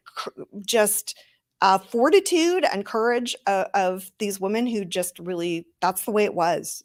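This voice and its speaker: A woman in her fifties answers as a panel guest. She speaks earnestly and haltingly, often repeating words as she gathers her thoughts. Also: fairly low pitch. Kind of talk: panel conversation.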